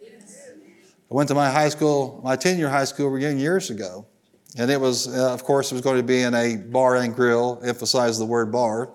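In a church sanctuary, a middle-aged pastor from Southern Illinois delivers a story-filled sermon, folksy in manner and inviting responses from the congregation. He speaks at a normal speed in a mid-range voice with fairly even intonation.

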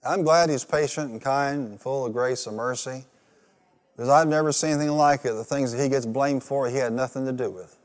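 A man's voice: mid-range voice, a little fast, big-room sound. A male pastor preaching a rousing sermon, leading the congregation in call-and-response. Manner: rousing, call-and-response, rising to loud peaks.

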